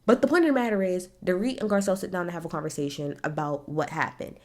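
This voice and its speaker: Woman, casual opinionated recap, blunt, animated, swears freely. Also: on the low side, fast. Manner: blunt, animated, swears freely, talks straight at the people she discusses. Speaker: reality TV recap host.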